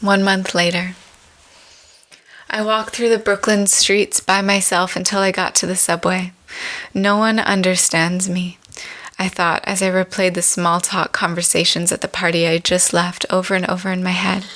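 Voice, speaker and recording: Low, flat-voiced woman reading her memoir. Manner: measured, reflective storytelling.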